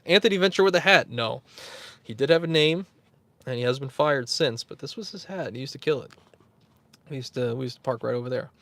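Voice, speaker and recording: A man's voice: mid-range voice, dry recording. A man hosting a casual livestream, rambling, chuckling and answering viewers in the chat. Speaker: YouTube host.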